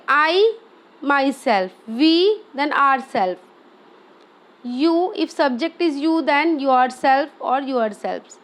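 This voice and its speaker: A woman teaching a grammar lesson, explaining step by step and often checking with "okay?". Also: high-pitched.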